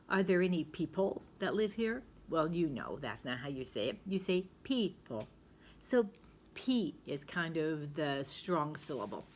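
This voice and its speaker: A middle-aged woman teacher, giving a spelling lesson to young students, patiently sounding out words and repeating them. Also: on the low side.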